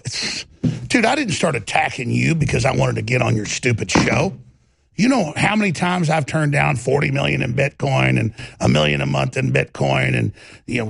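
Gravelly, husky male host ranting. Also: medium pitch, lively intonation, moderate pace, no room sound. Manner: combative, repeats words when worked up. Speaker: show host. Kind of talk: heated on-air rant.

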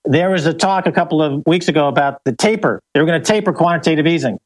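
A man's voice: fairly high pitch, fast talker. A man appearing as a guest on a political radio show, arguing his case with pointed rhetorical questions. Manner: argumentative, uses rhetorical questions. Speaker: guest commentator. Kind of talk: political talk radio interview.

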